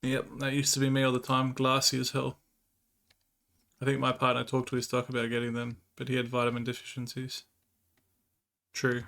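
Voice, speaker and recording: A man's voice: medium pitch, monotone, brisk, vocal fry, pauses often, a bit bright. A man livestreaming and chatting casually, telling crude, laughing anecdotes and answering chat.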